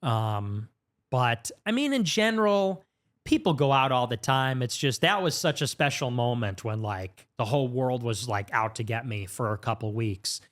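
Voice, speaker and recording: In a laid-back storytelling interview, a man guesting on a podcast rattles off a story with lively energy and abrupt jumps in pitch. He's in a podcast studio.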